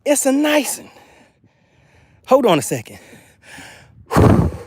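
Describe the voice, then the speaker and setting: A man's voice: very high voice, huge pitch swings, takes it slowly, husky, no room sound. Hyped man narrating a live fishing catch. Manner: hyped, repeats catchphrases, calls out to the chat. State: out of breath. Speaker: fishing channel host. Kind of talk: excited live-stream fishing commentary. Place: outdoors by the water.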